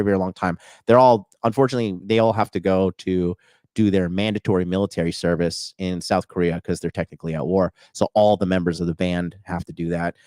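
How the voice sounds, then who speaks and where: Man, low-pitched, dry close sound, blunt and crude, podcast coaching talk. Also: a little mellow, dry recording. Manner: blunt, profane, swings into mocking high voices when quoting. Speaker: dating and fitness coach. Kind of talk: casual podcast monologue.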